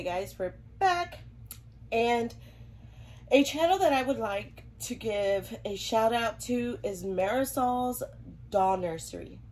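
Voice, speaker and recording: This reborn doll collector, a young Southern US woman, chats to camera with a cold-congested voice, giggling frequently. Her pitch is medium, and the rough recording has a bit of hiss or hum.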